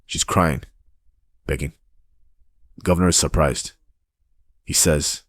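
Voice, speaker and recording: Male recap narrator, very deep voice, dry close sound, gossipy and dramatic. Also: fairly even intonation, slow, pauses often, dry recording. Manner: dramatic, gossipy, addresses listeners as "my people".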